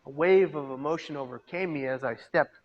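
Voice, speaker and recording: On a video call with clipped high frequencies, a man who works as a peer mentor and suicide prevention speaker gives his testimony to a live audience. He narrates dramatically, shifting from hushed to loud. His voice is fairly high and brisk.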